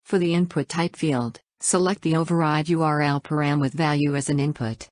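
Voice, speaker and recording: Low-voiced woman reading tutorial steps. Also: a little fast, no room sound. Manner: even, instructional, spells out acronyms letter by letter. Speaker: tutorial narrator. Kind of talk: scripted step-by-step narration.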